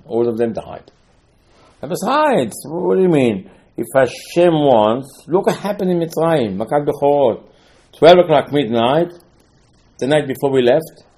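A man's voice: mid-range voice, dark tone. A man teaching Talmud in an informal lecture, telling stories animatedly, asking rhetorical questions and often restarting his sentences.

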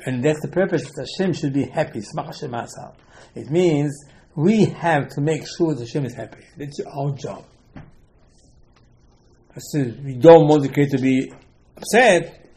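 A man's voice: fairly high pitch, mellow, low-quality recording. Man giving a rambling religious talk. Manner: rambling, repeats words, asks and answers himself; non-native English grammar. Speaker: religious teacher. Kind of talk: informal religious lecture.

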